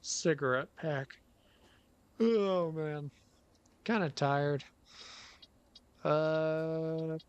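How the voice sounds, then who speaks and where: A man's voice: fairly high pitch, extremely slow, long pauses, clear, resonant tone, lo-fi sound. Sarcastic, swearing male game streamer. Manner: rambling, sarcastic, swears freely. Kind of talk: live gameplay commentary.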